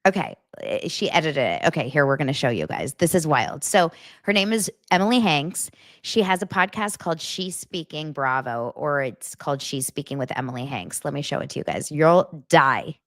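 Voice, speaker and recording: A woman hosting a podcast, chatting casually about celebrity gossip and reacting in an animated, exclaiming way. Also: sits low, normal speed, no room sound, clean studio sound. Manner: animated, exclaiming and reacting while reading posts aloud. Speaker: podcast host.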